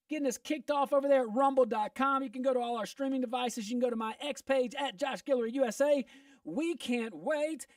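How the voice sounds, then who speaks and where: Man, talk show host, high voice, dry studio, a bit off mic. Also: no echo, distant mic. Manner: upbeat and joking, quick asides. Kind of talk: casual radio talk show. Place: radio studio.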